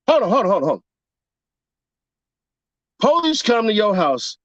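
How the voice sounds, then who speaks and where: A man's voice: sits high, big pitch swings, normal speed, pauses often, fairly bright tone, no echo, dull audio. A man in a casual, profane commentary rant, mocking his audience with rhetorical questions. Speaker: commentary vlogger.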